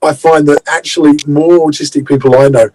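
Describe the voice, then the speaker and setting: A man co-hosting a podcast, speaking in a measured, supportive way in casual chat. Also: on the high side, steady tone, warm tone, a little hiss or hum, rough recording. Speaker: podcast co-host.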